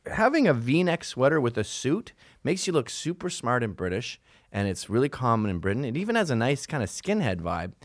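Middle-aged male podcast host, swearing and sarcastic, with a dry, close sound and a mid-range pitch. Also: big pitch swings, brisk, dry recording. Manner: profane, sarcastic ranting. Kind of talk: solo podcast monologue.

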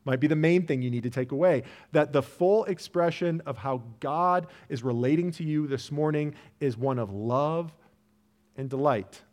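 A man's voice: a little high, normal speed, darkish tone. A man preaching a sermon in an earnest, conversational way, often restarting and saying "like.". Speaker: pastor. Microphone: church sermon recording.

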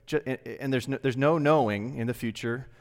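A male pastor giving a sermon in a church, speaking earnestly and conversationally with dramatic pauses. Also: mid-range voice. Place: church sanctuary. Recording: long reverb from a large hall.

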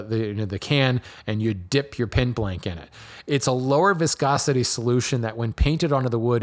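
Relaxed man answering listener questions. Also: mid-range voice. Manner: relaxed, many ums and restarts, laughs lightly. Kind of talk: casual explanatory talk.

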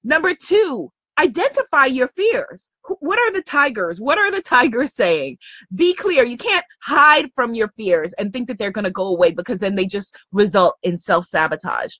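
A woman's voice: fairly high pitch, sing-song, normal speed, a bit bright, breathy edge, dry recording, muffled recording. A woman coach giving an emphatic, upbeat motivational lesson, repeating her key points. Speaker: spiritual business coach. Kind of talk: motivational teaching talk.

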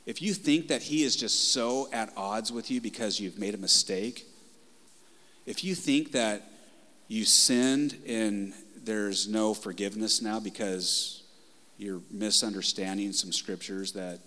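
A male pastor preaching a passionate, conversational sermon in a church, moving between loud and soft delivery. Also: lowish voice, unhurried, long reverb tail. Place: church sanctuary.

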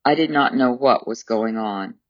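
Measured male memoir narrator. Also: medium pitch, dry recording, dull audio. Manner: measured, formal storytelling. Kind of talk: audiobook memoir reading.

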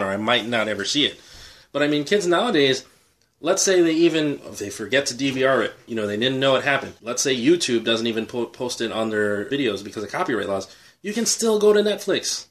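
A man's voice: mid-range voice, a bit bright. Casual man reminiscing on a podcast. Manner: reminiscing, chuckles often. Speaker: podcast co-host.

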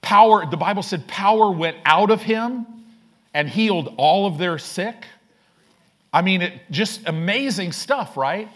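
A man's voice: high-pitched, expressive, unhurried, a bit bright. Emphatic male pastor preaching. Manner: emphatic, asks the congregation for agreement. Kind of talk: sermon.

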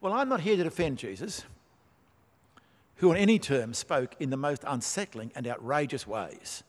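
A man's voice: mid-range voice, animated, normal speed. A man preaching a sermon, emphatic, with rhetorical questions and dry asides. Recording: long hall reverb.

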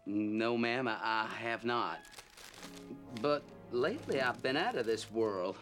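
An actor playing a cheesy, smooth-talking young astronaut with an exaggerated fake Southern US accent and a courtly drawl. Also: male voice, mid-range voice, lively intonation, slow pace, a bit bright, soft background music. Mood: smooth charm. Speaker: film character. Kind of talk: romantic comedy film acting.

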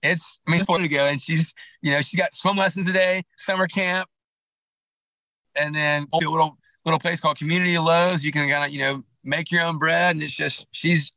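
A man with a bright, forceful voice on a podcast mic tells a long story, rambling and restarting as he goes. His delivery is animated and lively, and his speech sits a little high for a man. The sound is dry and close. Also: fairly quick, no room sound, poor audio. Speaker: podcast guest, clothing company founder. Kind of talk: casual storytelling interview.

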